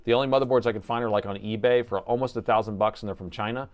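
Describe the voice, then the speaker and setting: A man's voice: fairly low pitch, steady tone, rapid-fire, highs cut off. A man chatting casually on a live repair stream, rambling, laughing and reading viewer comments aloud.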